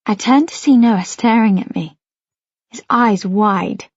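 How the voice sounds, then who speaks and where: A woman reading a first-person story aloud in a soft, measured narration. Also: medium pitch, slightly rough, dry recording, lo-fi sound. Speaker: audiobook narrator.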